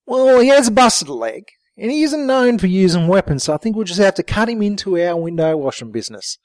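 A man playing a rough, scheming young bloke who talks excitably and swears. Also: sits high, brisk, no echo, pitched above the performer's own voice. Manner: excitable, swearing, shouting in alarm.

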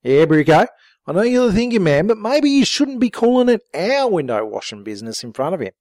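A man playing a blunt, rough young bloke who swears. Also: sits high, very animated, brisk, darkish tone, dry recording, voice pushed up. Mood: plotting.

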